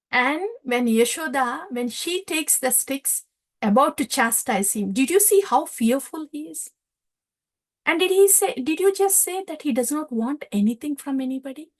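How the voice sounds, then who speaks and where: A woman voicing an older fatherly cowherd chief who fires off incredulous, pleading questions, her voice high and lively.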